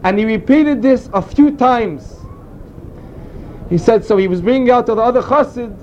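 Male Torah teacher with an unusually high voice, earnest storytelling tone, dull lo-fi recording with a faint vehicle rumble underneath. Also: moderate pace, a little mellow. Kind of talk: informal Torah class.

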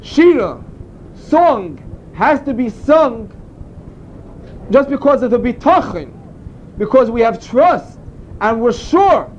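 Very high-voiced man teaching. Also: big pitch swings, takes it slowly, pauses often, muffled recording, a little hiss or hum. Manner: earnest, explanatory storytelling. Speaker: Torah teacher. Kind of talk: informal Torah class.

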